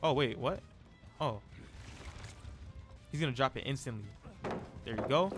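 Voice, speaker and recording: A young man streaming live gameplay, chatting in an excitable, slangy, self-mocking way. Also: mid-range voice, unhurried, music in the background.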